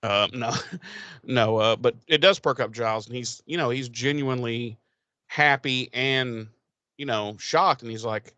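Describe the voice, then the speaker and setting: A man in mid-pitched voice chats casually on a podcast, swearing freely and getting animated. The sound is dry and close, with no room in it. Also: unhurried, no echo. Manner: swearing, animated, quotes characters in put-on voices. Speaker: podcast co-host. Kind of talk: casual chat recapping a TV episode.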